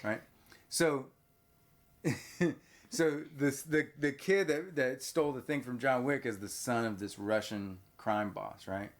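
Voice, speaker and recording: A man hosting a podcast who recaps a movie in a lively, chatty way and keeps prompting his co-host with questions. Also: medium pitch, takes it slowly. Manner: animated, retelling plot and prompting with questions. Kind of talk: casual chat recapping a movie.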